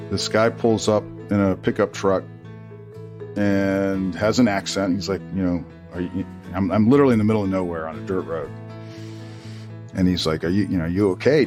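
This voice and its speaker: A middle-aged man, a retired army officer, telling stories in an interview and acting out the people he quotes. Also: fairly low pitch. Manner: animated, acts out quoted dialogue. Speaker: retired army colonel, guest. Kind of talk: conversational storytelling interview.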